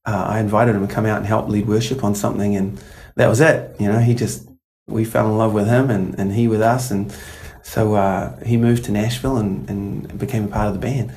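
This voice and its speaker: A man's voice: lowish voice, flat delivery, brisk, few pauses, a little mellow. A man from New Zealand with a New Zealand accent, a guest musician telling stories in a loose, rambling way. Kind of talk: interview conversation.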